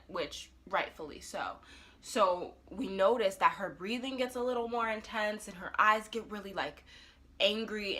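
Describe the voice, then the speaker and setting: Bright-voiced woman recapping a TV episode. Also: medium pitch. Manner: animated storytelling that acts out characters' lines. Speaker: TV review vlogger. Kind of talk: casual recap and review.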